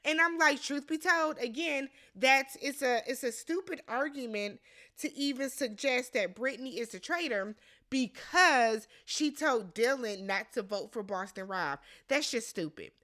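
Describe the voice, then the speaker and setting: A woman giving a casual, blunt recap of a reality competition show, swearing freely and acting out quotes with big jumps in pitch. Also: lively intonation, measured pace, sharp tone.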